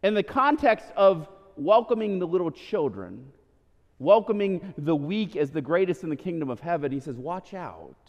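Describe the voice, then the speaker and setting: High, lively preaching man. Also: normal speed, in a large hall, dull audio. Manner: animated preaching with asides and repeated "right?". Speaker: pastor. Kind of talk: sermon. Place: church sanctuary.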